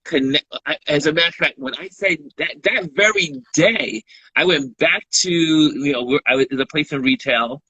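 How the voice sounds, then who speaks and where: A man's voice: on the high side, normal speed, slightly rough, dry recording, rough recording. A man, a guest photographer, talking casually in a live-stream interview and acting out the voices of the people in his stories. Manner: lively storyteller who acts out quoted dialogue.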